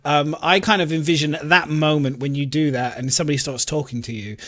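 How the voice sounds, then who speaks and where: Man, London accent, casual podcast host, slightly raised pitch, rambling, playful. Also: fairly even intonation, fairly quick, fairly bright tone. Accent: London English. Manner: rambling, acts out imagined remarks with laughs. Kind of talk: casual chat.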